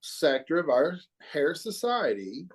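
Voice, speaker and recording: A man's voice: fairly high pitch, very animated, unhurried. A middle-aged man from Oklahoma, a hair educator talking as a podcast guest in an earnest, reflective, emphatic way. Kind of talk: podcast interview chat.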